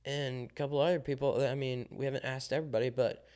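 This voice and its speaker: Young male podcast co-host, smooth clear voice, animated storyteller who acts out the dialogue. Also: mid-range voice, fast talker. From Southern Illinois. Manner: animated storyteller, acts out quoted dialogue, many ums and likes. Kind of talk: casual chat.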